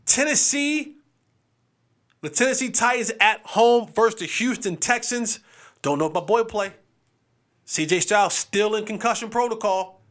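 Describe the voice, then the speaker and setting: A man hosting a sports show, giving game picks in a casual, animated and playful way, repeating phrases for emphasis. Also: high voice, a little slow, long pauses.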